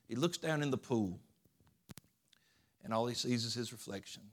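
A man preaching to his congregation in a loose, conversational way, circling back and restarting his sentences as he tells a story. His voice sits at an ordinary middle pitch, and he sounds like he is talking in a church. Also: moderate pace. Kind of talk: informal sermon.

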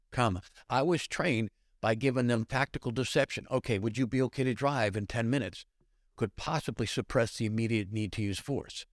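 A retired police lieutenant in an animated podcast interview, acting out quoted dialogue in shifting voices. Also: male voice, medium pitch, normal speed, no room sound, clean studio sound. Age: older.

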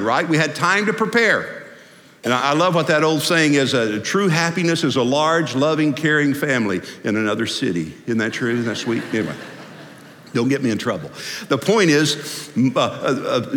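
A man preaching a sermon as pastor, folksy and animated, swinging from loud to hushed. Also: a little high. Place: church sanctuary. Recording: long hall reverb.

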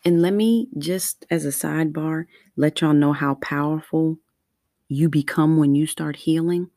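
A woman in her forties talking earnestly and slowly in a heartfelt personal monologue. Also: low voice, fairly even intonation, warm tone, no echo. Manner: earnest, heartfelt, slow and deliberate. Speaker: vlogger.

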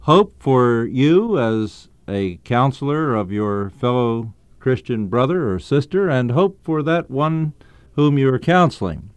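A man delivers a radio Bible teaching in a smooth, resonant voice. He speaks earnestly and emphatically, drawing out the phrases he wants to land. The sound is dry and close, with no room around it. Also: medium pitch, animated, takes it slowly, no echo.

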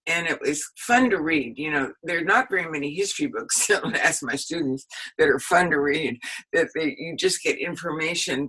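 A woman's voice: sits low, fairly bright tone, slightly rough, low-quality recording. An older woman, a historian and author, recalling stories in a rambling, anecdotal interview with frequent laughter. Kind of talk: casual spoken recollection.

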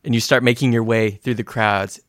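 A man running a tabletop game as game master, describing scenes in a halting way with many fillers. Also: medium pitch, steady tone, fairly bright tone, no echo, studio quality.

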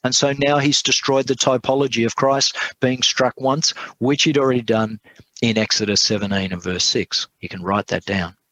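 A man's voice: medium pitch, steady tone, normal speed, bright, forceful tone, dry recording, low-quality recording. A man teaching a Bible study class, reading scripture aloud with emphasis and putting questions to his audience.

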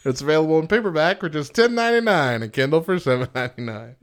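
A man's voice: a little high, animated, fast, clean tone. A man co-hosting a podcast in casual chat, joking, laughing often and going off on tangents. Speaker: podcast co-host.

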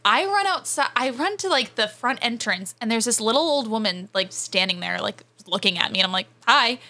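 Young woman, casual storytelling, animated and chatty, lots of "like" fillers, bright tense voice, fairly high pitch. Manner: animated, fast, frequent "like" fillers, laughing as she tells it.

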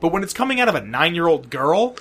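A man's voice: fairly high pitch, fast, breathy edge. A man co-hosting a casual gaming podcast, retelling game moments with swearing and laughs. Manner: animated, swearing, laughing storyteller. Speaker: podcast co-host.

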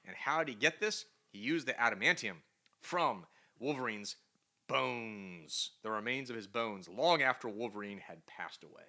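A man's voice: medium pitch, lively intonation, moderate pace, pushed and bright. A man co-hosting a podcast, chatting casually about comic books and reading the dialogue aloud with lots of laughter. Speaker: podcast co-host. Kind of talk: casual comic book review chat.

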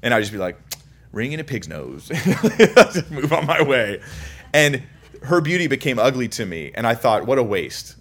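A man's voice: mid-range voice, sing-song, moderate pace, a bit bright. A young man giving a casual, chatty Bible teaching, full of anecdotes and self-interruptions. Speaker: preacher.

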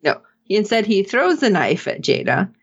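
Woman podcast co-host, lively and expressive, slightly dull lo-fi sound. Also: normal speed, creaky, husky. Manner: animated, acts out characters' lines with big pitch jumps. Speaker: podcast co-host recapping an episode. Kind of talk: casual chat.

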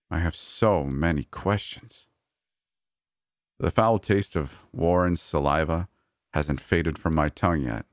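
A man reading a first-person serialized story as a scripted narration, in a measured, even manner. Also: low voice, dry recording, studio quality.

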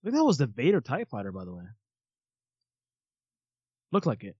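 A man co-hosting a casual movie watch-along, animated and swearing casually, quick to laugh. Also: mid-range voice, breathy edge, dry recording, muffled recording. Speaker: podcast co-host.

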